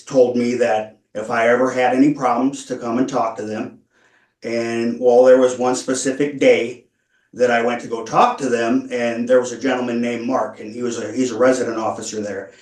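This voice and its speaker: A man speaking at a parole hearing, earnest and halting, stumbling through many restarts as he explains himself. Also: medium pitch. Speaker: parole applicant. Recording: echoey room, far from mic.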